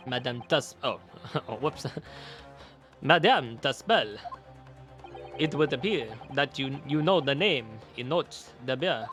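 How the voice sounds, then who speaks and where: A man streaming a game, talking through it in an animated, excitable way with swearing and laughs. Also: medium pitch, normal speed, hardly any pauses, soft background music. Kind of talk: casual game commentary.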